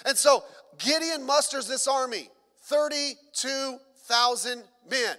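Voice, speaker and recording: A man's voice: very high-pitched, takes it slowly, pushed and bright, in a large hall. A middle-aged man, a pastor, preaching a sermon in a conversational way with joking asides.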